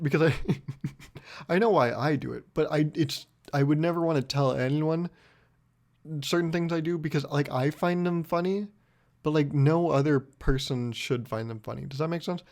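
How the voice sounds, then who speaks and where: A man's voice: a little high, moderate pace, creaky, darkish tone. A young man hosting his own podcast, telling a story in a rambling, profane, self-mocking way. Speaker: podcast host. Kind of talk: casual solo podcast monologue.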